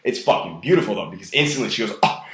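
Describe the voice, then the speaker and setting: A man's voice: on the low side, lively intonation, racing, fairly bright tone, reverberant. A young man giving blunt, profane dating advice in a casual monologue, heavily stressing key words and amusing himself. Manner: blunt, profane and self-amused.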